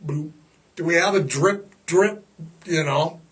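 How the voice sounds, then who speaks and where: A podcast host in his sixties delivers a rambling, casual monologue in a high, bright voice, moving slowly and leaning heavily on sarcasm, jokes, and drawn-out emphasis. He sits a bit back from the mic, so he sounds slightly distant.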